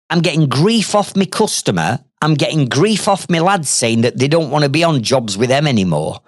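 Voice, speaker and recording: A man's voice: a little high, dry recording, clean studio sound. A man with a Northern English accent, hosting a podcast and telling a story in a blunt, conversational way. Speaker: podcast host, trades business owner. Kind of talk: storytelling monologue.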